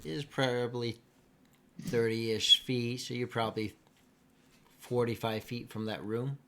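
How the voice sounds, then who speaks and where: A man narrating as game master at a slow, deliberate pace. He pauses often and fills the gaps with uhs. A faint hiss of noise runs underneath his voice. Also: mid-range voice, fairly even intonation, bright, forceful tone. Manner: unhurried narration with many filler uhs.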